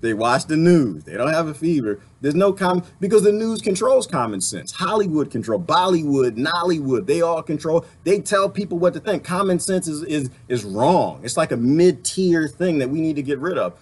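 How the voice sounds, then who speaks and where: Speaking at a moderate pace with hardly any pauses, this vlogger has a voice on the high side with a breathy edge. He's very animated, delivering an impassioned, emphatic political rant to camera packed with rhetorical questions, mild swearing and frequent laughter.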